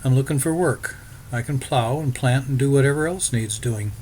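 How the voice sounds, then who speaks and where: A man's voice: medium pitch, normal speed, a little mellow, a little hiss or hum, lightly acted, low-quality recording. A man voicing a polite, earnest young Irish immigrant looking for farm work.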